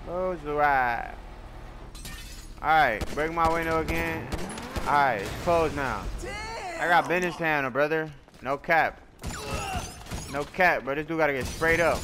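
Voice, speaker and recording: A young man giving playful, excitable gameplay commentary, trash-talking and swinging from sudden shouts to low mutters. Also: normal speed, pauses often. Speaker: gaming YouTuber. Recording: loud game sounds behind the voice. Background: video game noise and vehicle sounds.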